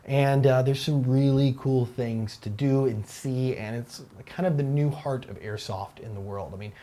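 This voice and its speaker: A man hosting a weekly Q&A show, answering viewer questions in a relaxed, rambling way with restarts. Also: mid-range voice, a little slow. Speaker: host. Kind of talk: casual Q&A chat. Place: Taiwan.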